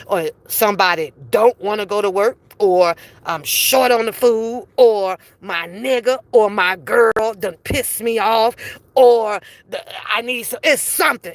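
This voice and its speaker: A woman giving a casual, blunt commentary monologue, profane and animated, slipping into acted quotes as she talks. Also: on the high side, no room sound. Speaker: commentary vlogger.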